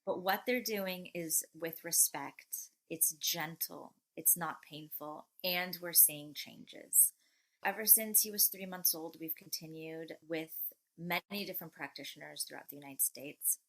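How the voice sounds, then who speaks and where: Reflective woman with a lowish voice. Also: steady tone, creaky, a bit bright, poor audio. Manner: reflective, measured, pauses to rephrase. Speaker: guest, mother of three. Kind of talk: heartfelt interview conversation.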